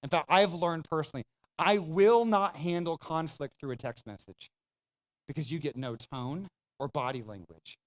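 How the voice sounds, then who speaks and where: A man's voice: on the high side, moderate pace. A man pastor preaching a sermon, speaking emphatically and conversationally, addressing the congregation directly.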